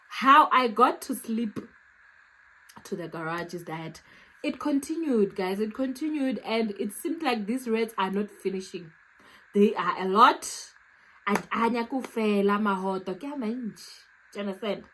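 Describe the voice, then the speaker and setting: A young South African woman with a South African accent, telling a storytime vlog with animated, dramatic acted-out reactions. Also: medium pitch, a little slow, slight background noise, rough recording. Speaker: YouTuber.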